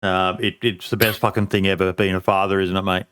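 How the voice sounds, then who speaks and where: A man's voice: deep voice, flat delivery, a little fast, fairly bright tone, smooth. A middle-aged man hosting a podcast in casual chat, swearing freely and laughing often. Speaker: podcast host.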